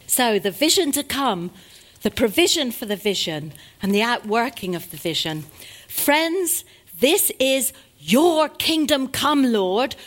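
Lively woman preaching a sermon. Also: sits high. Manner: lively, swings from loud exhortation to hushed asides.

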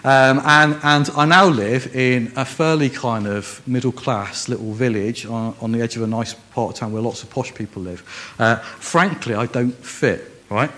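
A man with a broad Scouse accent gives a sermon that feels like a chat with friends. He pokes fun at himself and trips over his words, doubling back to restart phrases. His voice sits at an ordinary middle pitch. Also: moderate pace, pushed and bright. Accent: Scouse (Liverpool). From Liverpool, England. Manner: self-deprecating humor, frequent restarts. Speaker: preacher. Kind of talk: conversational sermon.

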